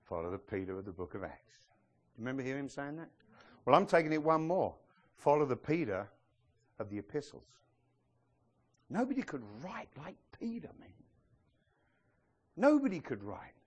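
A middle-aged male pastor preaching a sermon in a lively way, acting out Bible figures as he tells their stories. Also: mid-range voice, moderate pace, pauses often.

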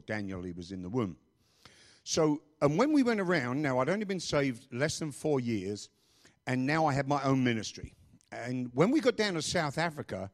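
A male pastor preaching a sermon, emphatic and repeating phrases, with rambling asides. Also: a little high.

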